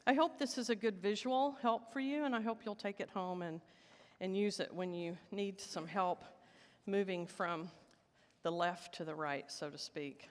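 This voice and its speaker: A woman teaching at a church service, leading the congregation in call and response and stating each "I am" line with slow emphasis. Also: mid-range voice, long reverb tail. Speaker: licensed Unity teacher giving the talk. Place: church sanctuary.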